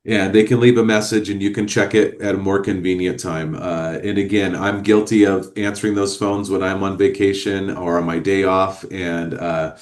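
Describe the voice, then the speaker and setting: A man hosting a faith interview, speaking in a measured, reflective way. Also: low-pitched, little pitch movement. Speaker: podcast host and pastor.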